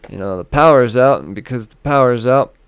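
A man voicing a kindly older woman in a comic story, talking in a gentle, folksy, reassuring way. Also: mid-range voice, animated, fairly quick, clean tone, dry recording, natural voice. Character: kindly older woman who took in a runaway.

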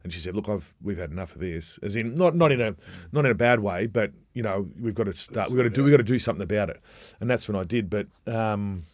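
A middle-aged Australian man talks candidly, his low voice stopping and restarting mid-thought. The sound is dry and close, with no room around it. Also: expressive, no room sound. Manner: halting, many restarts, candid. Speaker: guest, former rugby league captain. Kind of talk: casual chat.

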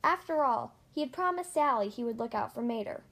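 High-voiced woman reading a children's story. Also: lively intonation, a little fast, a bit bright. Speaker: storybook reader. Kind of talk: children's story read-aloud.

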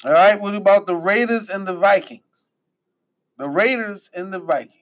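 A man's voice: high voice, animated, moderate pace, low-quality recording. A man from the Washington DC area hosting a loose, profane sports chat, often trailing off mid-sentence.

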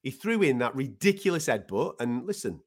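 A man co-hosting a sports podcast in casual chat. He is animated and swears casually. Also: mid-range voice, fairly quick. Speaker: podcast co-host.

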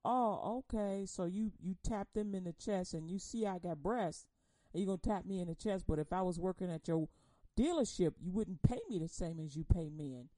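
A woman preaching a humorous sermon, telling animated stories, laughing often and acting out quotes in casual slang. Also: lowish voice, normal speed, no room sound.

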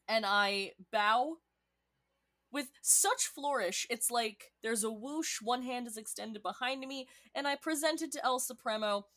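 A woman's voice: on the high side, a bit bright. A woman playing a tabletop game, describing her character's actions playfully. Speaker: player.

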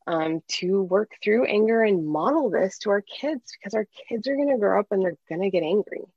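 A woman's voice: lowish voice, vocal fry, no room sound, muffled recording. A woman working as a parenting coach, explaining earnestly in a conversational interview and acting out bits of dialogue.

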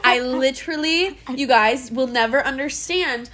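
Excitable high-voiced woman gushing. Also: moderate pace. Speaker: co-host. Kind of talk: casual storytelling chat. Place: hotel room.

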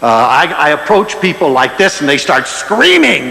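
A man lecturing to an audience in a large hall, voice rising and falling as he tells his stories. His pitch sits a little high and swings widely. The sound is roomy with a long reverb tail. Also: quick pace, few pauses. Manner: animated, expressive storytelling. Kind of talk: inspirational lecture with anecdotes.

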